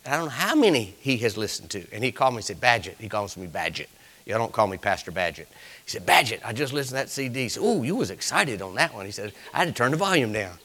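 A male pastor, preaching a folksy sermon full of stories that swells to loud exclamations. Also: a little high.

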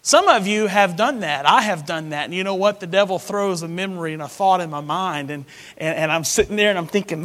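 A man's voice: sits high, fairly quick, a bit bright. A man preaching a sermon, building emphatic repetitions and leading the congregation in responses. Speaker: pastor.

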